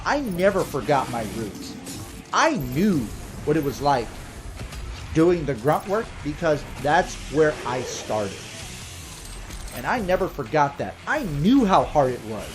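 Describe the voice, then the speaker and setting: A man giving comedic let's-play commentary, ranting and swearing in an animated way. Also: on the high side. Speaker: gaming commentator.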